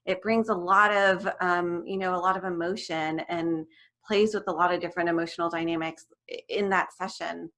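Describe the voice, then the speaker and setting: A woman's voice: on the low side, steady tone, normal speed, fairly bright tone. A young adult woman, a music therapist, chatting animatedly on a video call and laughing often as she talks. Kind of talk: casual interview chat.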